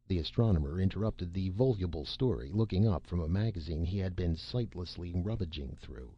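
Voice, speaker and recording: Man, audiobook narrator, deep, husky, lively intonation, dry dull recording. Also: fairly quick, few pauses, dry recording. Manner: expressive, character voices. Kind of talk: scripted narration.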